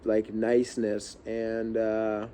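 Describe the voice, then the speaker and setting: A man's voice: lowish voice, monotone, takes it slowly, dark tone, smooth. A young man ranting casually to camera as a vlogger, heated and rambling, swearing often and restarting his sentences.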